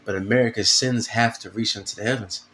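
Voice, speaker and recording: A man's voice: fairly low pitch, fairly even intonation, quick pace, bright, forceful tone, a little hiss or hum. A man giving an informal video sermon, casual and profane, full of fillers, reading scripture aloud between comments. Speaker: preacher.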